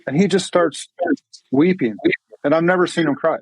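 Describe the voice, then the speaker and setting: A man's voice: on the high side, moderate pace, husky, no echo, low-quality recording. A man, a pastor, tells an emotional story in a podcast interview with an earnest manner and many restarts.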